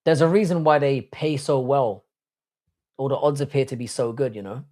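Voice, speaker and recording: A man's voice: mid-range voice, normal speed, mellow. A man hosting a casual livestream chat, rambling and swearing, often restarting his sentences. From Ireland. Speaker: podcast host.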